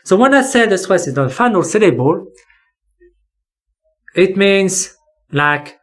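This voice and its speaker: An English teacher explaining spelling rules, talking slowly and deliberately and repeating key words for emphasis. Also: mid-range voice, animated.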